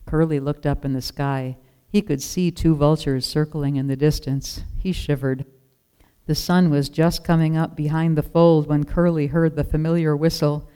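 Smooth-voiced storybook narrator. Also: medium pitch, steady tone, normal speed, mellow. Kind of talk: storybook reading.

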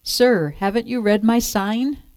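A woman's voice: mid-range voice, moderate pace, dark tone, close to an everyday voice. A woman voicing a small, firm male mouse who works as a careful, businesslike dentist. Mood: shouting.

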